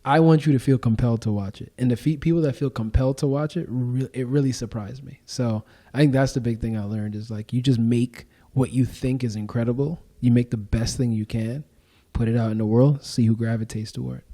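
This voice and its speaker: A man's voice: medium pitch, fairly quick. A young adult man, a podcast host, talking casually and slangily in an interview and acting out the exchanges he retells. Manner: animated storytelling, acts out quoted exchanges.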